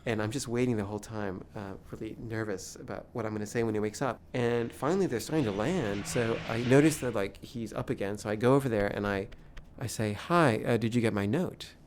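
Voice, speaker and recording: A man's voice: on the low side, a little fast, darkish tone, a little hiss or hum. A man telling a comic first-person anecdote, often nervous, with stammering restarts.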